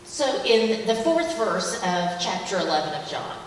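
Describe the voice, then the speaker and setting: A woman's voice: medium pitch, sing-song, a little slow. A woman teaching a Bible passage during a church service, chatty and enthusiastic, with plenty of fillers. She is heard from a distance in a big echoing hall with a long reverb and faint room noise. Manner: conversational and enthusiastic, with many fillers. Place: church sanctuary. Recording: echoey hall from far off.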